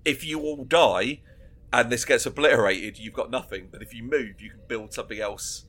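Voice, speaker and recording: A man's voice: mid-range voice, moderate pace, a bit bright. A man co-hosting a casual podcast chat, laughing often and acting out scenes as he retells them. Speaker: podcast co-host.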